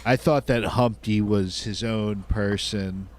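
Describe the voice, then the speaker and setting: A man's voice: lowish voice, steady tone, takes it slowly. A young man with a Philadelphia-area accent, rambling through casual podcast chat with lots of fillers. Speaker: podcast co-host. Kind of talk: casual chat among friends.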